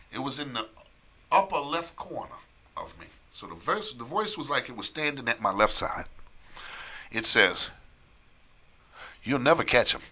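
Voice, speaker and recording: On a live stream, a man with a medium-pitched voice tells a long story in casual chat. He's animated, often repeating phrases and laughing.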